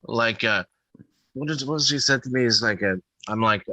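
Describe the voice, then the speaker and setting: A man's voice: medium pitch, normal speed, bright, forceful tone, no echo, rough recording. A man chatting as a guest comedian, rambling and interrupting himself as he tells stories. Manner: rambling, self-interrupting storyteller. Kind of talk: casual storytelling chat.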